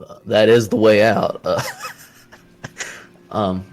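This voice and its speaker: A man's voice: on the low side, level tone, slow pace, soft background music. A man playing in a tabletop game, talking hesitantly with many fillers. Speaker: player. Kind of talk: casual tabletop game talk.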